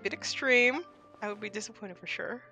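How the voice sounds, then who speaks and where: A woman reading aloud the lines of a small, chatty female fairy companion in a game, with blunt, quick questions. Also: mid-range voice, sharp tone, close to an everyday voice. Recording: game music behind.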